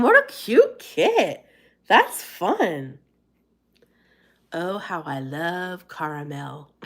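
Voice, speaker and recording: A woman's voice: fairly low pitch, fairly bright tone. A woman from Pennsylvania hosting a casual live chat, reading and answering viewer comments and laughing often. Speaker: live stream host.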